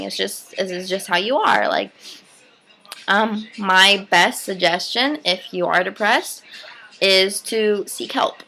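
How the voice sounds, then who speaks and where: A woman's voice: fairly low pitch, gravelly, pushed and bright, low-quality recording. A woman vlogger talking earnestly to her viewers in a rambling, casual way, swearing freely. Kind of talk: casual heartfelt talk to camera.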